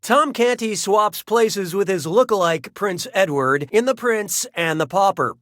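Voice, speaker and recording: A man's voice: sits high, lively intonation, unhurried, fairly bright tone, no echo. A man voicing a wisecracking quiz show host who reads trivia questions with snarky, mocking punchlines. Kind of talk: scripted game show hosting.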